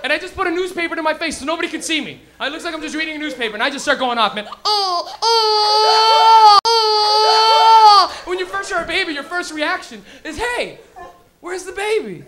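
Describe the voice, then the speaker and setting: A young Canadian man hosting a comedy show, doing a loud, profane stand-up set and laughing at his own jokes on stage. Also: very high-pitched, animated, very fast, hardly any pauses. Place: comedy club stage, audience.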